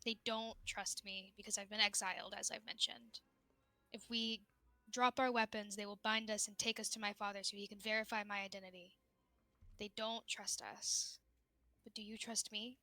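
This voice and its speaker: A woman playing a proud, exiled elf mage in a tabletop fantasy game, with a bright voice in a dry room. She speaks formally and with commanding authority. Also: mid-range voice, level tone, normal speed, no echo, lightly acted. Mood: earnest.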